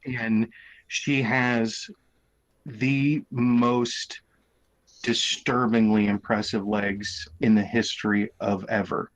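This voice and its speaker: A man co-hosting a casual podcast chat, talking in halting bursts full of ums and restarts. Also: on the low side, level tone. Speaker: podcast co-host. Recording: dull lo-fi audio.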